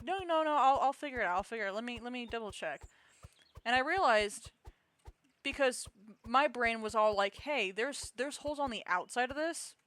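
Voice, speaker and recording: A young woman chats to her stream audience while she plays, telling a long story at an easy middle pitch. She rambles, restarts her sentences and pokes fun at herself. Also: a bit bright. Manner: rambling, self-mocking storytelling with many restarts. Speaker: game streamer. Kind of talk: casual live-stream chat.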